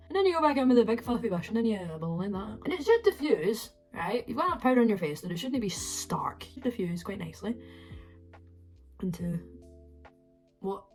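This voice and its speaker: A woman with a Scottish accent giving a chaotic, sweary makeup tutorial at home, with sudden soft muttered asides. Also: medium pitch. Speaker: beauty vlogger. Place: her flat at home.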